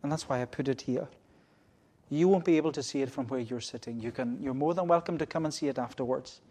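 A man preaching a sermon from a church pulpit, with repeated refrains, rising to loud cries and dropping to hushed lines. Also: mid-range voice, fast. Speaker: minister.

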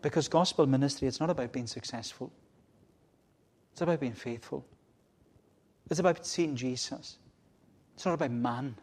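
A man preaching a sermon from a church pulpit, with repeated refrains, rising to loud cries and dropping to hushed lines. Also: medium pitch, normal speed, pauses often, breathy edge. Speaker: minister.

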